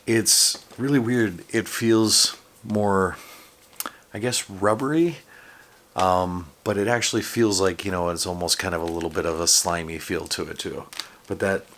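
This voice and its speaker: A man's voice: low voice, a little slow, a bit bright. A man hosting a casual unboxing video, talking enthusiastically and rambling with lots of fillers. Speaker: toy unboxing vlogger. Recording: background noise from handling packaging.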